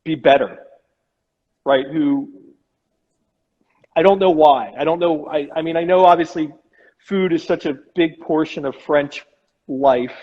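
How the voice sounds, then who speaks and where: A man's voice: fairly high pitch, a little slow, long pauses, a little mellow. A man who is a chef hosting a casual live-stream interview, talking conversationally and often ending his thoughts with "right?". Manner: conversational, frequent "right?" tag. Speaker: chef and host. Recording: dull, echoey remote live-stream audio.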